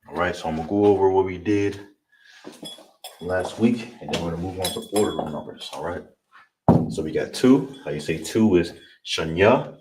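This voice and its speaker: A man teaching a language class online, spelling out each word and checking in with "all right?" as he goes. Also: low voice. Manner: repeats words, frequent "all right?". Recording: distant mic with noise.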